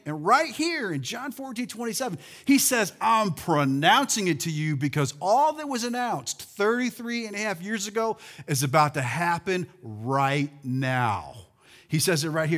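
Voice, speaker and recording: A man preaching a sermon as pastor, animated, calling out to his congregation and swinging between loud and soft. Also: high-pitched, moderate pace. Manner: animated preaching with call-and-response and swings in loudness. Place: church sanctuary.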